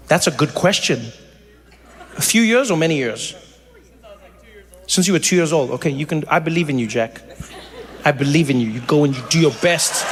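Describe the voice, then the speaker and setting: A man in his forties performing a stand-up comedy set, bantering with the crowd and jumping into high, shouting voices for imagined people. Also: expressive, normal speed, pauses often. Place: large theater stage. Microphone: handheld stage mic. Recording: live stage mic in a large reverberant venue with faint audience noise.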